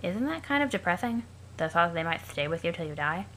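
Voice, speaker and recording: A woman's voice: fairly low pitch, sing-song, fast talker, fairly bright tone, slight background noise. A woman voicing an irritable, sarcastic young male troll in a crude, snide manner, close to her own voice.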